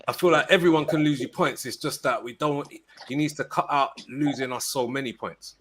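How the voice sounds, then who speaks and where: A man's voice: mid-range voice, brisk, a bit bright. A man, co-hosting a casual football fan chat, emphatic and slangy, often asking if others follow him. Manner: emphatic, slangy, keeps checking the listener. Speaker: co-host of a football fan show.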